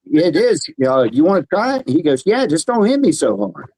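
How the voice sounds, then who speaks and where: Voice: medium pitch, brisk, no room sound, rough recording. A speaker telling a bar joke in casual chat on a video call, acting out the characters' lines. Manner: animated joke teller who acts out the characters' lines.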